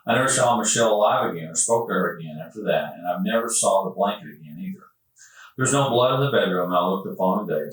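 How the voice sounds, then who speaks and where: A police investigator reads a written statement aloud in a steady, measured way. His voice is very deep and low. He is heard from a distance in a hard, echoing interview room. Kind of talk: reading a witness statement aloud. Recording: echoey room picked up from far off.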